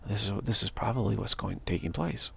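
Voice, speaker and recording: A man's voice: lowish voice, expressive, creaky, a bit bright, a little hiss or hum. A man giving an earnest, rambling spiritual monologue, repeating himself and restarting sentences often. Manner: earnest, repetitive, halting with many restarts. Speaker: spiritual speaker.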